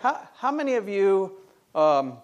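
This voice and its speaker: A middle-aged pastor preaching to his congregation, his voice a touch higher than most men's. He leans hard on rhetorical questions and answers them himself with rising emphasis. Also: big pitch swings, unhurried. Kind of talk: sermon.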